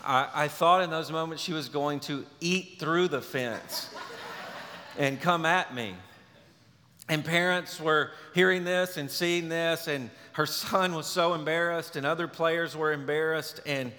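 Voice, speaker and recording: A male pastor preaching a sermon, telling a story in a relaxed, conversational way. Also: on the high side, measured pace. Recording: long reverb of a large hall.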